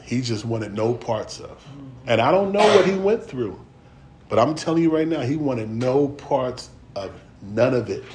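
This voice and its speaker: A middle-aged man preaching a sermon, moving between slow scripture reading and quick, folksy stories broken up by laughter. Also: mid-range voice, lively intonation, a little mellow, slight background noise. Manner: reads scripture slowly, then tells stories quickly and laughs; folksy and conversational with slang.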